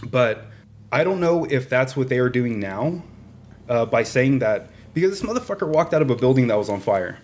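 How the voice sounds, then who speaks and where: A man's voice: mid-range voice, expressive, normal speed, a little mellow. A man co-hosting a podcast, giving blunt, emphatic opinions in casual chat with plenty of swearing. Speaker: podcast co-host.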